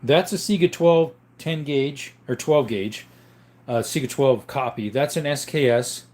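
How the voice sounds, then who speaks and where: A man's voice: medium pitch, unhurried. A man chats casually on his live stream. He welcomes viewers and reads their questions aloud. His answers wander easily, full of little fillers. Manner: relaxed, rambling explanations with fillers.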